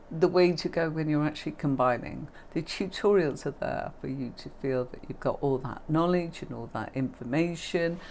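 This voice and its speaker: A middle-aged woman hosts a livestream teaching tarot, chatty and affectionate, calling viewers "darling" and "my lovely". Her low voice has vocal fry and a darkish tone, with slight background noise.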